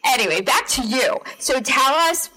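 A woman hosting a podcast in a chatty, rambling way, full of fillers and quick asides. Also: sits high, expressive, bright, forceful tone, low-quality recording. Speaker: podcast host. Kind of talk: casual podcast interview.

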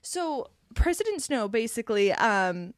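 A woman's voice: fairly high pitch, a little slow, no room sound, clean studio sound. A young woman co-hosting a podcast, chatting casually and playfully about a film. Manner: animated, laughing, playful mock voices. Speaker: podcast co-host. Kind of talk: casual chat.

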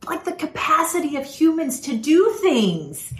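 Chatty woman with lively pitch. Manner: chatty, giggly, quick storytelling. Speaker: podcast co-host. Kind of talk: casual chat. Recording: roomy echo.

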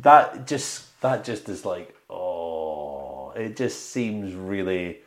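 A man's voice: low voice, expressive, very slow. Man, podcast co-host, playful, jokey impressions, chatting at home. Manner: playful, slips into comic impressions. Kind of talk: casual chat. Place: home with a dog nearby.

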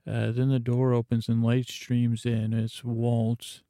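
A man's voice: mid-range voice, slow pace, no room sound, studio quality. A man hosting a podcast, giving a meandering bedtime recap full of fillers. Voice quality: gravelly. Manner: meandering, monotone, filler-heavy. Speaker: podcast host.

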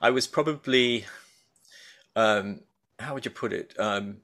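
A man's voice: lowish voice, unhurried, a bit bright. A middle-aged man talking as a guest in a casual interview, rambling and hesitant with many restarts and fillers. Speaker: guest, baker and food writer.

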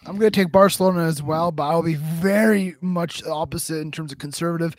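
A man's voice: a little high, quick pace, no room sound. A man co-hosting a casual football podcast, joking and teasing the others as he gives his picks. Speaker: podcast co-host. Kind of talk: casual sports betting chat.

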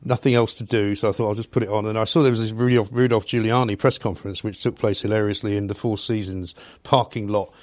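A man hosting a studio talk show, scornful and animated as he tells his stories. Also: lowish voice, fast, hardly any pauses, dry recording. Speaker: talk radio host. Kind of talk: opinionated chat.

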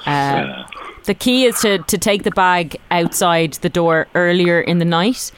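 A woman's voice: fairly low pitch, measured pace, a little hiss or hum. A woman co-hosting a radio show, playful and teasing. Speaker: radio co-host. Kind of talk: radio interview banter.

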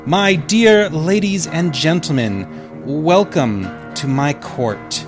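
A man's voice: mid-range voice, lively intonation, takes it slowly. A man voicing a cold, gaunt female spirit of famine, gracious and smiling but menacing. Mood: welcoming. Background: background music.

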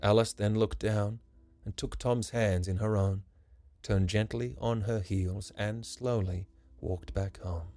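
A man narrating a rhyming story for his podcast, with a gentle, measured delivery. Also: lowish voice, fairly even intonation. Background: soft music.

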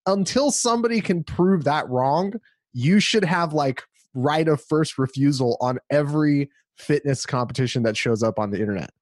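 A man's voice: a little high, lively intonation, moderate pace, no echo, studio quality. A man hosting a casual podcast, speaking emphatically and indignantly, often restarting his sentences.

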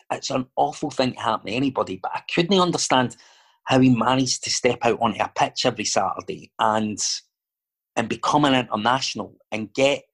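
A man's voice: mid-range voice, a bit bright. A Scottish man chatting casually as a guest, telling stories and wandering off into digressions with lots of fillers. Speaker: actor and filmmaker guest. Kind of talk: casual chat.

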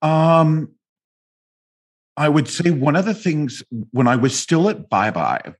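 A man being interviewed, telling stories in a lively way and acting out the people he quotes. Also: a little high, slow. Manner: animated, acts out quoted voices in stories. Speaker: guest. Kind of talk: conversational interview storytelling.

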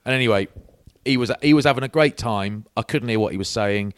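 Middle-aged man, lower voice, animated storyteller, dry studio sound. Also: fairly quick, clear, resonant tone, no echo. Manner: lively storyteller, says mate a lot. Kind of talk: casual chat, anecdote telling.

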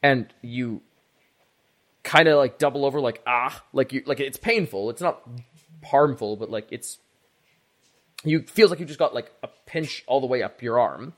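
A man's voice: mid-range voice, normal speed, long pauses. A man narrating as game master of a tabletop game, casual and full of "like". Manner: animated, filler-heavy, casual.

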